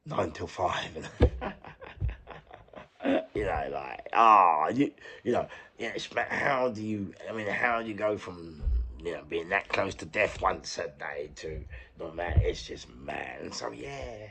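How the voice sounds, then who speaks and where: Gravelly London man telling a rambling story. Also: low voice, animated, a little slow, bright, forceful tone, slight background noise. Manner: rambling, repeats himself, swears freely, searches for words. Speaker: interview guest, former prisoner. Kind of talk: candid storytelling in an interview.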